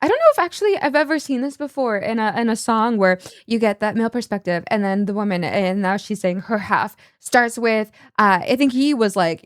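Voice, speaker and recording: A woman's voice: medium pitch, lively intonation, fairly quick, few pauses, no room sound, clean studio sound. A woman hosting a music reaction video, talking in a chatty, gushing way with lots of filler words. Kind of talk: casual reaction commentary.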